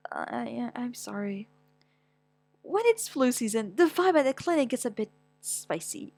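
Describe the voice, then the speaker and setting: A woman's voice: vocal fry, no echo. A young woman reading a manga aloud with dramatic, stammering delivery and wailing outbursts. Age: young adult. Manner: animated, quick pitch swings, stammers, whiny wails. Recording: dry close mic with faint music.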